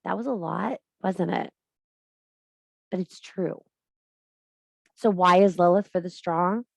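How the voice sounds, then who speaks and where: Blunt low-voiced woman preaching. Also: takes it slowly, creaky, darkish tone, dry recording. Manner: blunt, emphatic, swears freely; preachy, addresses viewer directly. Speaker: spiritual teacher. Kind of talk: spiritual monologue to camera.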